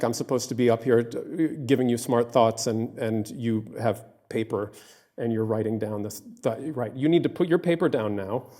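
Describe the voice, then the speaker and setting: Male academic lecturer reading a paper live to an audience, measured, literary delivery. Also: mid-range voice, warm tone.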